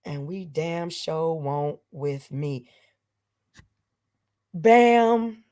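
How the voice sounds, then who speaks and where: Middle-aged woman host, slow and emphatic, repeating her vows, close and dry sound. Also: mid-range voice, no echo. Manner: emphatic, repetitive, vowing and declaring. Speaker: channel host. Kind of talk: emotional direct-to-camera monologue.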